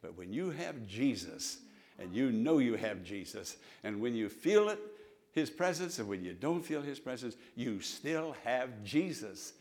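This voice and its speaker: A man's voice: mid-range voice, sing-song, measured pace, darkish tone. A man preaching a sermon in a church, with emphatic repetition and call-and-response. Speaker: pastor. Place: church sanctuary.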